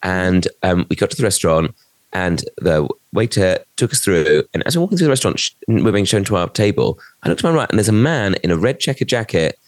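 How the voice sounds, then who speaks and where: A man's voice: deep voice, a little fast, no room sound, clean studio sound. A man, co-hosting a podcast and telling a story in casual chat. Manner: animated storyteller, acts out quoted voices. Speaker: podcast co-host.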